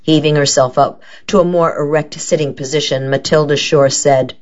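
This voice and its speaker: A woman narrating a detective novel in steady, measured scripted narration, on a dull lo-fi recording. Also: deep voice. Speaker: audiobook narrator.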